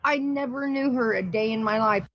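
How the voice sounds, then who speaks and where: A woman's voice: fairly high pitch, moderate pace, fairly bright tone, no echo, rough recording. Profane, mocking woman streamer. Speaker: livestream host. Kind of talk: casual livestream rant.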